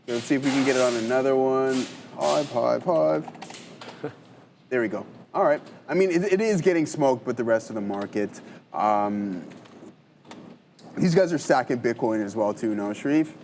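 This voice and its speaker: A man's voice: mid-range voice, darkish tone, slight background noise. A man hosting a live trading stream, upbeat and chatty, thinking aloud as he pulls up charts. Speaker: trading show host. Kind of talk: casual live stream banter.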